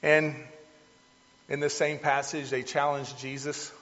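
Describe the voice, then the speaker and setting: A man's voice: on the high side, flat delivery, a little slow, a bit bright. A man preaching a sermon in a conversational, folksy manner, talking to the congregation as folks. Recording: dull lo-fi sound with long hall reverb.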